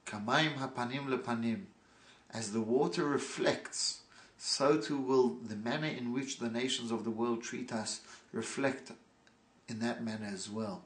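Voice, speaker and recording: A male rabbi giving a sermon, slow and emphatic with dramatic pauses. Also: mid-range voice, a bit bright, reverberant.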